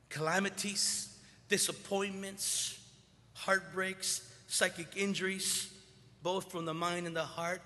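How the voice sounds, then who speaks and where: A man in his sixties preaching a sermon, swinging from loud bursts to hushed lines. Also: on the high side. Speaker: pastor. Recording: long reverb of a large hall.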